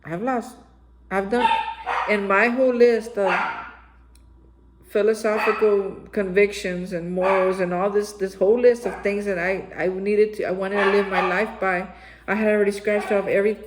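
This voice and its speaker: A woman's voice: mid-range voice, steady tone, normal speed, heavy background noise. A woman hosting daily recovery reflections, telling her own story in a candid, conversational way and speaking straight to her listeners.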